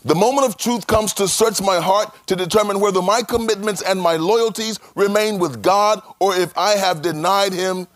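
A man's voice: high voice, normal speed, hardly any pauses, fairly bright tone, no echo. A man preaching a sermon as pastor, dramatic, with rhetorical questions.

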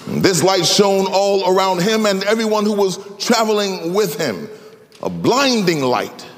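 A man preaching a sermon dramatically, slowing for emphasis and rising into sing-song phrases. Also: very animated, long reverb tail, a little hiss or hum. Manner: dramatic, swinging between slow low emphasis and high, sing-song rises.

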